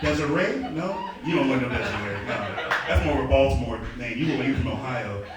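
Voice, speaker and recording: A man's voice: mid-range voice, lively intonation, brisk, heavy background noise. Brash man doing stand-up. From American South. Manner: brash, profane, banters with the crowd. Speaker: stand-up comedian. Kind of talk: live stand-up comedy. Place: underground comedy club. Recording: distant mic in an echoey club, loud crowd.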